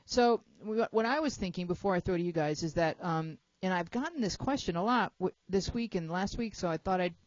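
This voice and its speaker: A woman's voice: on the low side, a little fast, hardly any pauses, no room sound. Jokey jet lagged lady hosting a talk show, chatty, kinda dull dry sound. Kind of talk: casual chat.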